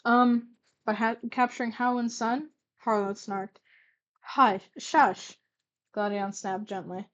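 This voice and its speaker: A woman's voice: on the high side, steady tone, a little slow, muffled recording. A young woman reading old fanfiction aloud, stumbling over words and breaking off for sarcastic asides. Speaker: reader.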